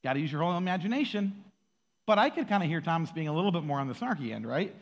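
A man giving a casual, animated sermon, acting out quoted voices and laughing often. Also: a little high, rapid-fire, creaky, big-room sound. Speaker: pastor.

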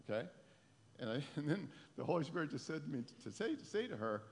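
A man telling a lively testimony story to a congregation, laughing often. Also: a little high, fast, slightly rough, in a large hall.

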